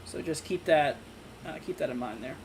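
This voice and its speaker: A young man hosts a live severe-weather stream, reading viewer comments and talking casually with many fillers and halting restarts. His voice is a little high, with slight background noise.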